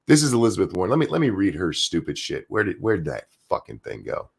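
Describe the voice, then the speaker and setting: A man hosting his own channel, giving a heated, profane and sarcastic political rant, jumping between loud outbursts and low muttered asides. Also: huge pitch swings, fast talker, creaky, hardly any pauses, breathy edge. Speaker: streamer and channel host. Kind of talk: angry political commentary rant.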